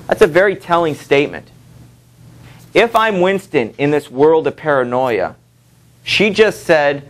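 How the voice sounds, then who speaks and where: A man's voice: on the high side, lively intonation, normal speed. Casual male teacher lecturing a class. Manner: conversational, reads and acts out quotes from the book. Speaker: high school literature teacher.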